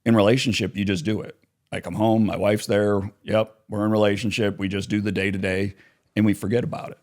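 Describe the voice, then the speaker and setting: A man's voice: fairly low pitch, level tone, a little fast, darkish tone. A man talking in a podcast interview, explaining his ideas and acting out both sides of everyday arguments. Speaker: author and counselor, guest.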